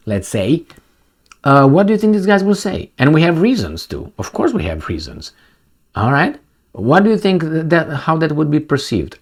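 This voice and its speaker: A man reading a news article aloud and commenting on it, sarcastic and full of rhetorical questions. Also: fairly low pitch. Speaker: political commentator.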